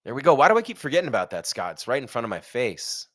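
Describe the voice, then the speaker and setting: A man's voice: mid-range voice, wildly swooping pitch, fast, fairly bright tone. A man hosting a live fight stream, chatting casually with jokes and rhetorical questions. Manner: reads sponsor ad.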